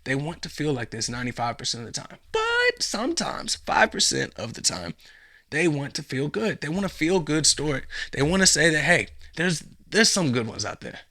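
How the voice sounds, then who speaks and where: A man's voice: on the high side, huge pitch swings, moderate pace, sharp tone. A man hosting a podcast, giving mocking, emphatic commentary with lots of repetition. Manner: mocking and emphatic, with many repeats. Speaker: podcast host.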